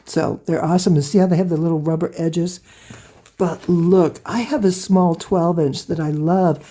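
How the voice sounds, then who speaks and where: A woman hosting a quilting vlog, gushing with excited exclamations as she shows items to the camera in her home sewing room. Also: fairly low pitch. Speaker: quilting channel host. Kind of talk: casual show-and-tell vlog. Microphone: camera close by on a table.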